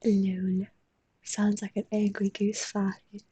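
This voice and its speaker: A woman talks in a soft, mostly whispered voice and yawns often as she chats with viewers on a live stream while she draws. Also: mid-range voice, completely flat delivery, slow, breathy edge, no echo.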